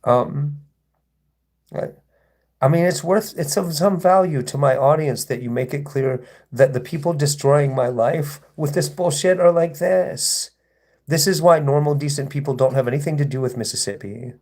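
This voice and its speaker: A man's voice: on the high side, normal speed, darkish tone. Sarcastic, indignant man livestreaming. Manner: indignant and sarcastic, rambling with restarts. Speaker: livestream host. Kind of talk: livestream monologue addressing chat.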